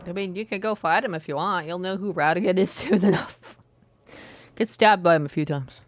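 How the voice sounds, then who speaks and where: A woman's voice: fairly low pitch, fairly quick, no echo. A woman streaming a video game, giving casual commentary with sardonic, muttered asides and swearing.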